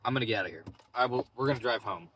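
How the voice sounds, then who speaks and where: In a loose, rambling vlog, a young man talks from his parked car in a parking lot, leaning heavily on "bro" and "like." His mid-range voice is fairly bright and races along. A little hiss or hum is audible.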